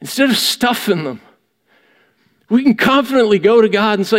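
A man with a high voice delivers a sermon from the pulpit, driving his message home with rhetorical questions. His words ring out with a long reverb across the church hall. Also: lively intonation, normal speed, long pauses. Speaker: pastor. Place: church sanctuary.

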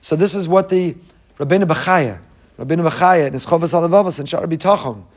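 A rabbi gives an animated Torah lecture built on parables and rhetorical questions. His voice sits a touch high for a man. He weaves Hebrew quotations into his English. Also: quick pace. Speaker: rabbi teaching a Torah class.

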